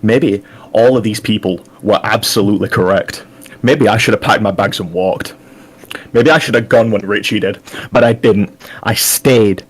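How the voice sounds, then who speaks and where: A man's voice: fairly low pitch, normal speed, husky. Furious, swearing man cutting a promo. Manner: furious, swearing, demanding answers. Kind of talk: profane angry wrestling promo.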